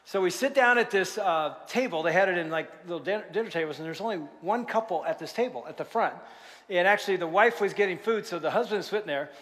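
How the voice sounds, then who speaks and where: Man, pastor, sermon, bright forceful tone, storytelling, long church reverb. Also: high voice, fast talker. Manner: lively storytelling, jokes with congregation. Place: large church sanctuary.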